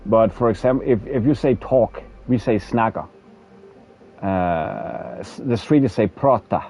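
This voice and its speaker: A man's voice: on the low side, unhurried, warm tone. A Danish man with a Danish accent, streaming a game and chatting casually, repeating words as he talks. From Denmark. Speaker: gaming streamer. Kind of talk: casual chat while playing a game.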